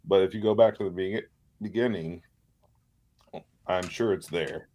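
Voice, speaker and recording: A man with a deep voice, a pastor chatting casually and laughing easily while crafting on a live show. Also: a little slow. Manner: relaxed, laughs often, self-deprecating.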